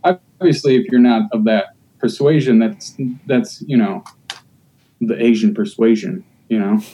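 A man talking loosely on a podcast, his voice mellow and soft-edged. He rambles through his points with lots of fillers and restarts, casual and unscripted. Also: mid-range voice, unhurried, low-quality recording. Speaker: podcast host.

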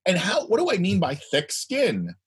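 A man in his fifties, a guest telling a story in a loud, animated way. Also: sits high, normal speed, husky. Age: 50s. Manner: animated, speaks loudly. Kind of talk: anecdotal storytelling.

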